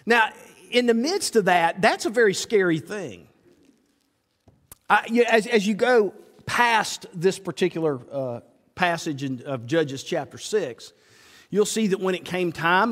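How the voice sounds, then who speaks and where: A male preacher, giving a folksy sermon and acting out conversations with God. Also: sits high. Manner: folksy, acts out dialogue with God in lively voices. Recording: reverberant hall.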